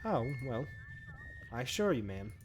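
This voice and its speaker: A man doing a slick gas station attendant with a raised, eager salesman's pitch. He wheedles and flatters, voiced as a character in a story game. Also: unhurried, slight background noise. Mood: wheedling. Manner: ingratiating salesman patter. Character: smooth-talking male gas station attendant peddling poison. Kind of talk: reading game dialogue aloud.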